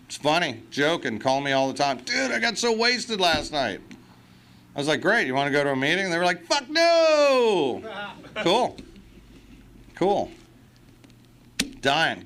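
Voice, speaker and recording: A man's voice: fairly high pitch, bright, forceful tone, a little hiss or hum. A man speaking at a recovery meeting, blunt and profane, with self-mocking humor. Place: meeting hall.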